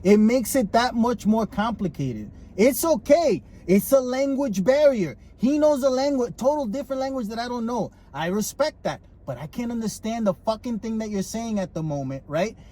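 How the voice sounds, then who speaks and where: A man co-hosting a podcast, swearing freely in animated rants. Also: very high-pitched, moderate pace, few pauses. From Puerto Rico. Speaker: podcast co-host. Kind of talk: casual chat.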